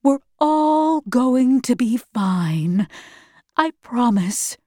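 Calm reassuring mother, read by a woman. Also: on the high side, unhurried, dry recording, clean studio sound. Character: steady, protective mother in a prison camp.

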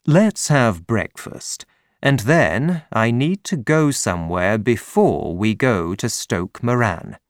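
A man reading an audiobook, voicing a calm, clever detective with a measured, dryly ironic manner. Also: on the low side, no room sound, clean studio sound.

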